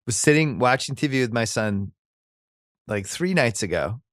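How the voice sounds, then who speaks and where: A man's voice: medium pitch, lively intonation, normal speed, fairly bright tone, no echo, studio quality. A middle-aged man hosting a podcast in casual chat, telling joking, exasperated stories about his kids. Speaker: podcast host.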